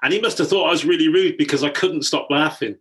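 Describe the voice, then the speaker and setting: A man's voice: a little high, fast talker, fairly bright tone. A man from England hosting a casual chat, telling anecdotes in a chatty way and laughing easily. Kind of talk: casual conversation.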